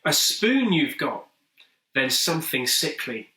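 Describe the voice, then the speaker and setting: A man reads a clever, helpful boy in a calm, coaxing voice for a storybook. The tone is bright and the pace is slow. It sounds roomy and set back from the mic. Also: fairly high pitch, exaggerated voice. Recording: roomy echo, distant mic.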